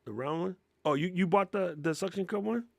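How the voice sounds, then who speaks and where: Gravelly, excitable slangy man. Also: high voice, brisk, no echo. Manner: excitable, slangy, laughs often. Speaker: livestream host. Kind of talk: casual live Q&A chat.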